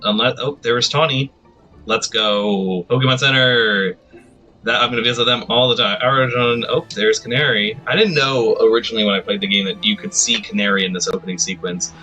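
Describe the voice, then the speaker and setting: A man's voice: on the low side, fairly quick, sharp tone, dull audio, faint music behind. A man live-streaming a video game, chatting casually and rambling to himself with self-deprecating remarks.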